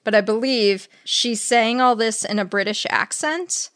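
A woman's voice: on the high side, measured pace, dry recording, clean studio sound. Wry woman co-hosting a podcast. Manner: wry, animated storyteller who laughs often. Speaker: podcast co-host. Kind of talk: casual chat, reading book excerpts aloud.

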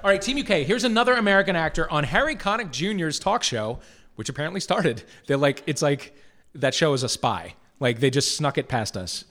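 A man's voice: a little high, lively intonation, fairly quick, a bit bright. A man hosting a live comedy quiz podcast on stage, mocking and playful, with frequent swearing. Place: theatre stage before a live audience. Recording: live show with audience behind.

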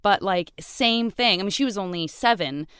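A woman's voice: mid-range voice, animated, normal speed, smooth, dry recording, clean studio sound. A woman hosting a casual podcast, affirming her guest with lots of agreement and telling her own stories. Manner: warm, affirming listener with frequent agreement. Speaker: podcast host.

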